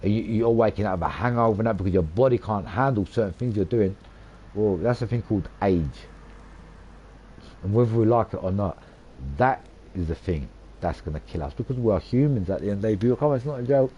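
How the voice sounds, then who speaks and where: A man's voice: on the low side, brisk, warm tone, husky, muffled recording. A man, rambling and ranting over his own gameplay, swearing a lot and repeating himself for emphasis. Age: 40s. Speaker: gaming channel host.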